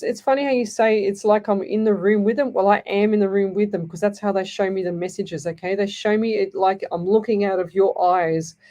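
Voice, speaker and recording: This is a woman in middle age who hosts a live psychic reading show. Her voice is warm and mellow at an ordinary pitch. She rambles in a comforting way and keeps checking in with the listener. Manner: reassuring, rambling, tags phrases with "okay?". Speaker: psychic medium radio host.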